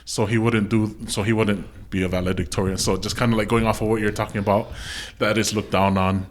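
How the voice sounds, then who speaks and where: A man's voice: lowish voice, little pitch movement, fairly quick. Laid-back man hosting a podcast. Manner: laughs often, short agreeing replies. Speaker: podcast host. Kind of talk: casual chat.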